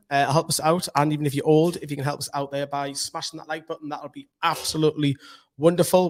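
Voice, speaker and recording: A man with a Geordie accent hosts a football fan channel, chatting to camera from a room at home in an excitable, rambling way, his voice slightly hoarse from shouting. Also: a little high. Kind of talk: casual football chat to camera.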